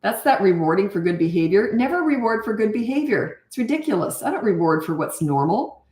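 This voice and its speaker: An older woman coaching parents in a blunt, animated way, answering questions and acting out how to talk. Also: medium pitch, fairly quick, echoey room. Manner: blunt, animated, acts out parent and child voices.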